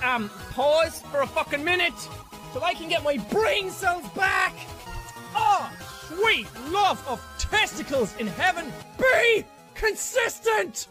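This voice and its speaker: A man giving raging gameplay commentary, swearing constantly and yelling in frustration. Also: extremely high pitch. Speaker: gamer streaming a game.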